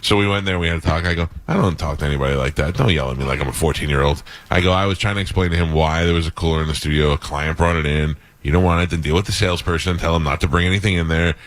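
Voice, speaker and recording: Deep-voiced, fast-talking radio host. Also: male voice, dry recording. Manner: blunt, profane anecdote-telling with quoted dialogue. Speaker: radio morning show host. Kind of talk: casual storytelling chat.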